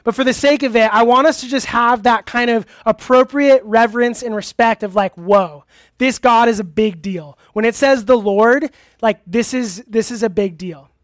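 A relaxed youth pastor preaching to a live group in a church hall, often stopping to ask questions and take answers. The voice sits at a middle pitch, and the talk is loose and full of fillers. The recording is dry and close, with almost no room echo. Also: moderate pace. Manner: casual, chatty, asks the audience questions; laughs easily, uses many fillers. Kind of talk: interactive sermon.

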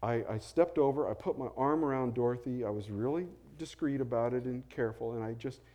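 A middle-aged man, a pastor, telling stories in a sermon in a conversational way, going soft and low when he quotes people. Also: fairly quick, lo-fi sound. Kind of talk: storytelling sermon.

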